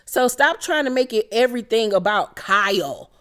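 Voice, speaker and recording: A woman's voice: a little high, animated, normal speed, fairly bright tone. A young woman hosting a casual reality TV recap, blunt and emphatic, swearing freely.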